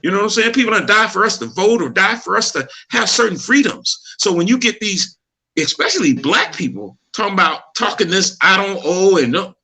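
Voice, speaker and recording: A middle-aged man with a very bright, fairly high voice talks in a relaxed chat. He preaches earnestly and tells a personal story, laughing easily as he goes. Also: brisk, creaky, slightly rough. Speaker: podcast co-host.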